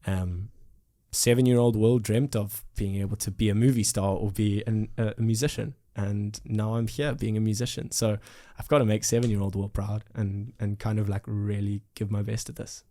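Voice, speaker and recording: Earnest South African young man, lowish voice. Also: steady tone, normal speed, hardly any pauses, mellow. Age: 20s. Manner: earnest, reflective, many fillers and restarts. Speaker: musician guest. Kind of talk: casual interview conversation.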